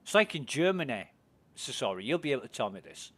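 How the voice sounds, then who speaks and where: A man's voice: mid-range voice, sing-song, fast talker, fairly bright tone. A British man chatting casually while streaming a game, curious and full of questions for his friends. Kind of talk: casual chat while gaming.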